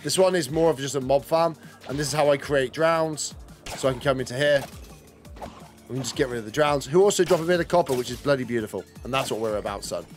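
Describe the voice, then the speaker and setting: A man's voice: medium pitch, quick pace, soft background music. A man chatting casually while streaming a game, rambling and greeting and answering viewers as he plays. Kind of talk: casual live-stream commentary.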